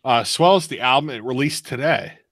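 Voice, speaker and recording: A man's voice: brisk, a bit bright, no echo, studio quality. A man co-hosting a casual live beer review podcast, chatty and prone to hard laughing fits. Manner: laughs hard, high giggly outbursts.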